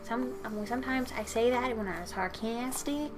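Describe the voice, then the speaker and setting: A young woman chats casually as she draws at home, rambling and poking fun at herself. She sounds tired after a day of work, and clear music plays behind her voice. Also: on the high side, moderate pace. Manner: rambling, jokey and self-deprecating. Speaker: channel host. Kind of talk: casual chat while drawing.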